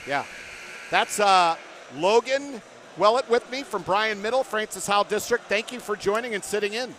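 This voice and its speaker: A man's voice: high-pitched, normal speed, fairly bright tone, slight background noise. Chatty man calling a basketball game. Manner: chatty, interviews guests between plays. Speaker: play-by-play announcer. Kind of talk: basketball play-by-play commentary. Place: broadcast booth at a gym.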